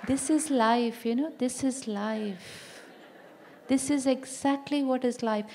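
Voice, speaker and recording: Lady giving a spiritual talk to a crowd in a room, soft warm voice, keeps repeating herself and asking questions. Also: on the high side. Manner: repeats phrases for emphasis and quizzes the audience. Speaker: spiritual speaker. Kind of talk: talk to a live audience. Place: room with a live audience.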